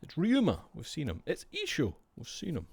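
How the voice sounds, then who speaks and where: A man's voice: medium pitch, wildly swooping pitch, a little fast, gravelly, slightly rough, dry recording. A man with a Scottish accent, a streamer chatting casually and musing aloud to himself while opening card packs, swearing freely.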